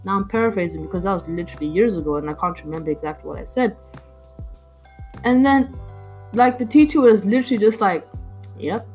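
Young woman venting about class, gets worked up, lots of likes and ums, soft music under it. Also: mid-range voice, a little fast, long pauses, poor audio. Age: young adult. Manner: animated, exasperated storytelling with frequent fillers. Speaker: university student vlogger. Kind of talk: casual chat.

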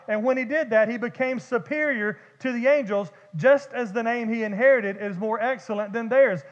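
A man preaching a sermon as pastor, animated and conversational, with vivid humor and repeated words. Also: very high voice. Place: church sanctuary. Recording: dull echoey church hall.

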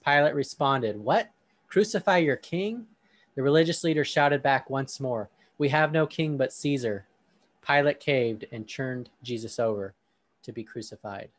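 A man hosting a discussion, reading a scripture passage aloud with emphasis on quoted speech, then talking casually. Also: medium pitch. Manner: reads with emphasis on quoted lines.

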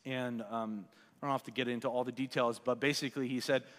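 A man in his forties preaching a sermon in a church in a conversational way, growing quiet when he prays. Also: medium pitch, level tone, fast. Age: 40s. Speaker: pastor. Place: church sanctuary. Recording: long hall reverb.

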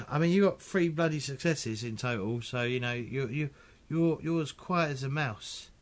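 A man narrating a tabletop game as game master, halting and full of restarts. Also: medium pitch.

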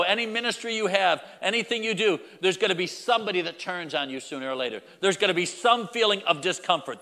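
Man, pastor mid-sermon: lively swinging delivery, bright and forceful, addresses the flock head-on. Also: sits high, big-room sound. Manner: emphatic, repetitive preaching with direct address.

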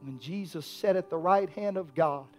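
A man preaching a sermon as pastor, swinging from hushed lines to shouted peaks. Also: high-pitched, moderate pace, soft background music.

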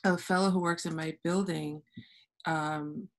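Woman, podcast host, casual interview, animated storyteller, lower pitch. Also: unhurried. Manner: animated storyteller, acts out quotes, laughs often.

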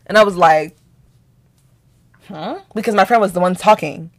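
A young Nigerian woman co-hosting a podcast tells a story in casual chat, animated and profane, acting out both sides of a quarrel. Her voice is on the low side and she talks fast.

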